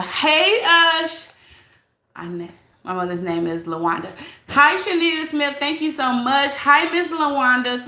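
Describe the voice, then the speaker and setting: Bright, blunt woman live-streaming. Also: medium pitch, echoey room. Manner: chatty and blunt, talks straight to viewers. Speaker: livestream host reading chat. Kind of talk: casual live-stream chat and gossip commentary.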